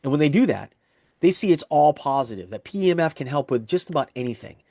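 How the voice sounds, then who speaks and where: A man with a fairly high voice gives an eager sales presentation. He walks through one example after another and repeats the same points as he builds the pitch. The sound is dry and close. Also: animated, quick pace, dark tone, no room sound. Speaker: network marketing presenter.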